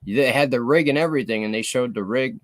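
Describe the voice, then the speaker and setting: A man's voice: mid-range voice, fast talker, no room sound. A man in casual podcast chat, talking profanely and emphatically, often checking in with his listeners. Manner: profane, emphatic, keeps checking in with "you know what I mean". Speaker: podcast co-host.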